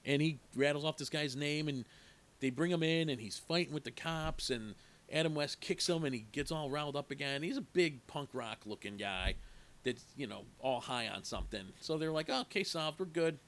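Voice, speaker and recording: A man's voice: medium pitch, normal speed, a bit bright. A man casually retelling the plot of an eighties horror movie, rambling with asides and acting out the characters' lines. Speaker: movie reviewer.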